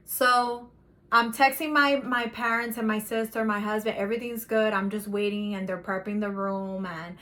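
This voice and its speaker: A woman's voice: mid-range voice, steady tone, moderate pace, sharp tone. A woman in her thirties telling a personal story in a casual, chatty vlog, animatedly acting out quoted dialogue. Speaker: vlogger.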